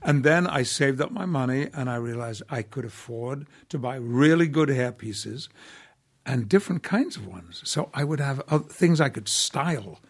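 An older man, an actor, telling stories in an interview with measured, wry delivery and a gravelly, husky voice. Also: mid-range voice, animated. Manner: measured storytelling with wry laughs. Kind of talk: conversational anecdotes.

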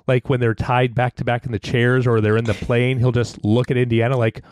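Man, mid pitch, dry observational podcast panelist. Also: little pitch movement, fairly quick, a little mellow, no room sound. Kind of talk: casual movie discussion.

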